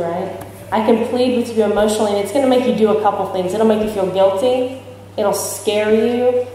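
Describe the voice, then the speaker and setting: A woman's voice: medium pitch, warm tone, slight background noise. A woman speaking candidly to a convention audience, joking and asking them questions. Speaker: speaker sharing recovery experience. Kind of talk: talk at a recovery convention. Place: large hall with audience. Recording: echoey hall from far off.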